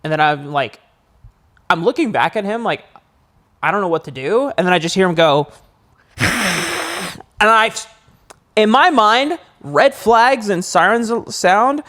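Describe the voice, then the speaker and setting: A young man with a fairly high voice tells a story on a casual podcast. He talks loosely and jumps even higher and louder when he replays his own panic. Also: measured pace, long pauses. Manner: animated storyteller, rises high acting out panic. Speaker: podcast co-host.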